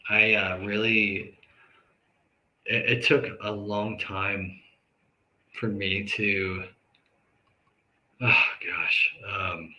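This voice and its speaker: A man hosting a live talk show, speaking earnestly and conversationally about grief and forgiveness, with sudden loud outbursts and quick asides. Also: fairly low pitch, level tone, lo-fi sound, slight background noise.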